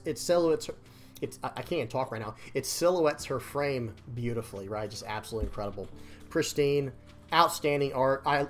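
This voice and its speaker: Casual male card game commentator. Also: medium pitch. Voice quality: slightly strained voice. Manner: rambling, repeats words, addresses viewers as guys. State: dry throat, voice cracking. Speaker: card game content creator. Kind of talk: casual commentary over screen.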